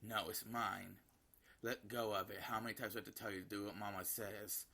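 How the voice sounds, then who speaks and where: A man's voice: on the low side, flat delivery, a little fast, vocal fry, sharp tone, heavily acted. A man voicing a stern, short-tempered mother who scolds harshly. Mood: scolding.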